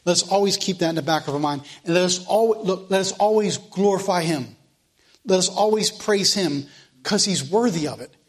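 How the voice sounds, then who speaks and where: A man's voice: sits high, normal speed. A man teaching a Sunday school class, preaching with passion and stumbling over repeated words, then leading a prayer. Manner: impassioned, repeats words when stirred up.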